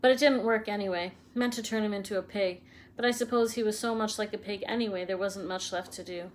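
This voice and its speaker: A woman voicing a huge, gruff but kindly male gamekeeper in a storybook reading, with rough country speech. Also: medium pitch, steady tone, fast, natural voice. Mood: rueful.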